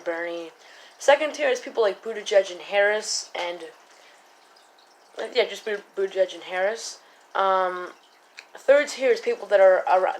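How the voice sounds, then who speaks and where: A woman's voice: medium pitch, a little hiss or hum, rough recording. A woman giving casual commentary to camera, rambling with many fillers and often stopping to correct herself. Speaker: political vlogger.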